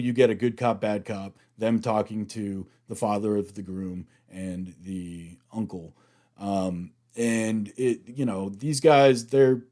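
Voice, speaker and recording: An American man hosting a reaction video, chatting through an episode recap in an animated way. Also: lowish voice. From United States. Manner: chatty, animated retelling, acts out quotes.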